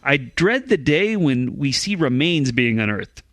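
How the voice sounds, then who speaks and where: Aggrieved English mourner, put-on accent, lively rising pitch, dry sound, done by a man. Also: dry recording. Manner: put-on English accent, slow, indignant reading.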